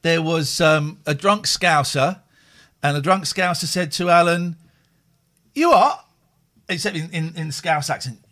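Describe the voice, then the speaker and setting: A man's voice: a little high, fairly even intonation, moderate pace, pushed and bright. A man hosting a late-night radio show, joking and rambling in casual banter with his co-hosts. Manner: jokey, rambling, teasing.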